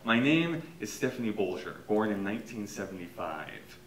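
A man's voice: lowish voice, expressive, moderate pace, slight background noise, natural voice. A man voicing a blunt, tired homeless woman who talks in a sardonic, defensive way. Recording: echoey room from far off.

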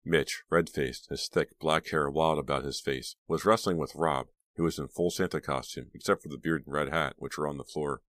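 Very deep-voiced male audiobook narrator. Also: fairly even intonation, moderate pace, few pauses, a bit bright, no room sound. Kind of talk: scripted narration.

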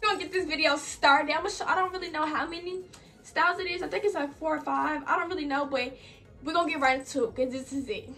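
A woman's voice: high voice, steady tone, quick pace, a bit bright. A young woman vlogger, chatty and a bit out of breath, talking through a clothing DIY tutorial with lots of "like" and "y'all". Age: young adult. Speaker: fashion vlogger. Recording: from a distance off the mic, faint music behind.

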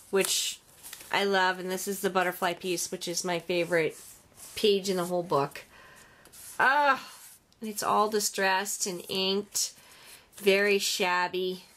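A woman's voice: medium pitch, fairly bright tone. A woman vlogger chatting casually as she unboxes craft gifts, gushing, exclaiming and often sighing.

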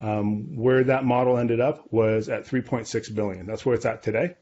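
A man talks through numbers in a confident, businesslike way, leaning on quick "right?" and "okay" check-ins. His voice sits at an everyday middle pitch. The sound is a little dull and lo-fi. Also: fairly even intonation, dark tone. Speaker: guest, real estate data company leader. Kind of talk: podcast interview, explaining.

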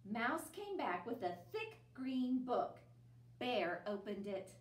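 Donna che legge una fiaba, vivace e lenta. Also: female voice, fairly high pitch, slow, echoey room, distant mic. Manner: expressive, lively reading. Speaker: library storyteller. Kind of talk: children's picture book read-aloud.

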